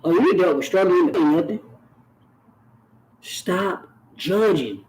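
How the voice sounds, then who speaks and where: A man's voice: sits high, fast, a little mellow, low-quality recording. A man, talking earnestly to camera on his own channel and repeating phrases for emphasis. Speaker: YouTube channel host. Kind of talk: direct-to-camera talk.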